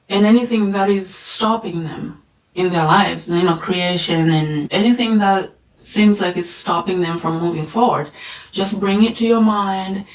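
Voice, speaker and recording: A woman's voice: medium pitch, roomy sound, low-quality recording. A woman and spiritual reader telling a personal story in a casual, chatty way, often saying "like" and "right?". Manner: chatty, frequent "like" and "right?" fillers.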